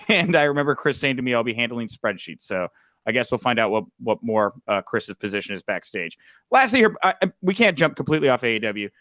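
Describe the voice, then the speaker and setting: A man's voice: mid-range voice, brisk, dry recording. A young man hosting a wrestling news podcast, chatting casually and telling stories with a lot of "uh" fillers. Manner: animated storyteller, frequent "uh" fillers. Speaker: podcast host.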